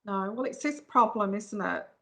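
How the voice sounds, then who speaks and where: Bright-voiced frank woman giving advice. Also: mid-range voice, moderate pace, vocal fry. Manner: frank, emphatic, talks straight to viewers. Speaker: tarot reader. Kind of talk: live stream advice chat. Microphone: phone.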